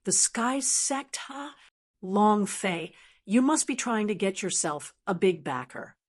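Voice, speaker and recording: A woman's voice: mid-range voice, lively intonation, slow. A woman reading as a furious, ruthless clan elder. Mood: cold menace. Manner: scornful barking orders.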